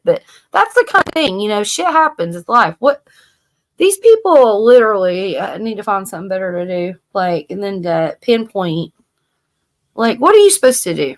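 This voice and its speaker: A woman from the American South co-hosting a live stream, telling stories in animated casual chat and swearing freely. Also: medium pitch, normal speed.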